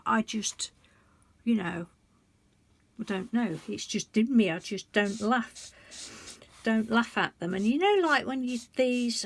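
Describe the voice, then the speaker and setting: A woman in her sixties, talking heartfelt and confiding in a rambling way to her vlog viewers, often breaking off and restarting her sentences. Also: medium pitch. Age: 60s. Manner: rambling, self-interrupting storytelling; emotional and confiding. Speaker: colouring book vlogger. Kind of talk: heartfelt casual chat.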